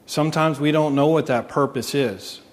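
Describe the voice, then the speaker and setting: A man's voice: on the high side, normal speed. A man preaching a sermon as pastor, earnest, asking his congregation questions. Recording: long reverb.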